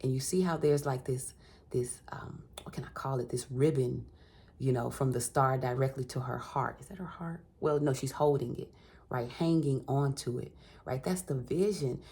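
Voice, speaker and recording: Very deep husky woman reading tarot. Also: moderate pace, mellow. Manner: encouraging, repeats phrases for emphasis, calls listener baby and honey. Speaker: tarot reader.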